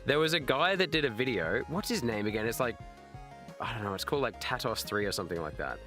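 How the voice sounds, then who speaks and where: A man's voice: medium pitch, lively intonation, quick pace, over music. An Australian man, a live streamer, chatting casually with his viewers and reading chat aloud, laughing and swearing freely.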